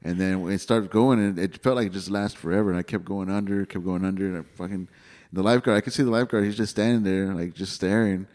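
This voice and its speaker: A man's voice: deep voice, fairly even intonation, quick pace, a little mellow, big-room sound. A man hosting a podcast in casual chat, laid-back and swearing casually, often ending with "man.". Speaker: podcast host.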